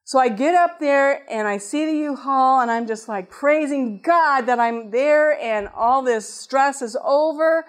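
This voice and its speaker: A woman preaching with a slightly high voice. She tells a personal story, acting out the dialogue, then turns it into teaching points. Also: normal speed. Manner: lively storytelling that acts out dialogue.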